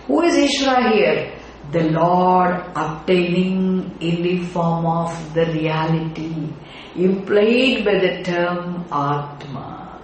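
A slow, unhurried teacher lecturing on scripture, pausing to ask the class whether it follows and lilting key terms in a chant. The voice rings through a very reverberant hall, with a faint room hum underneath. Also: mid-range voice. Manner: deliberate, often asks the class rhetorical check questions. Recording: very echoey room with faint ambience.

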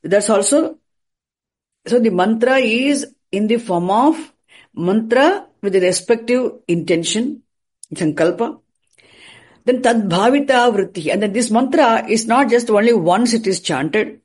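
A teacher lectures a class in a husky, breathy voice at a middle pitch. The delivery is explanatory and repetitive, circling back over phrases and throwing out questions only to answer them. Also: animated, measured pace. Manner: repeats and restarts phrases while explaining.

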